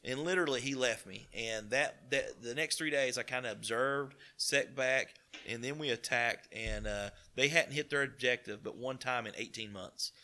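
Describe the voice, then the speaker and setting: Southern man with an East Tennessee accent, forceful bright tone, folksy anecdotes, mid-range pitch. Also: normal speed, hardly any pauses. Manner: folksy, animated retelling with quoted dialogue. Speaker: car dealership partner. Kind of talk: casual storytelling interview.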